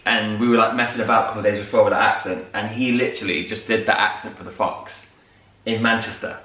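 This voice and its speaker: A man's voice: fairly low pitch, steady tone, fast talker, pushed and bright. A man co-hosting a casual morning chat at home, telling stories with lots of fillers. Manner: chatty storyteller, many fillers. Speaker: co-host. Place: home room. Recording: echoey room, mic at a distance.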